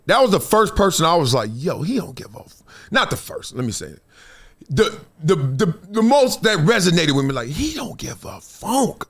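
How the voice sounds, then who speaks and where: A man hosting a live sports talk stream, his voice sitting high and swooping widely as he makes his points. He laughs easily and drops low for mocking quotes. It is fast, conversational debate. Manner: animated, swings pitch for put-on quotes, laughs often. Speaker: host.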